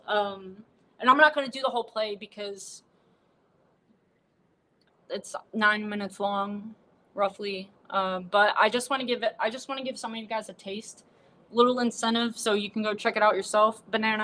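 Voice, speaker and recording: A woman's voice: medium pitch, fairly even intonation, normal speed, fairly bright tone, poor audio. A woman hosting a livestream, chatting casually and irreverently in a rambling way full of fillers. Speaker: livestream host.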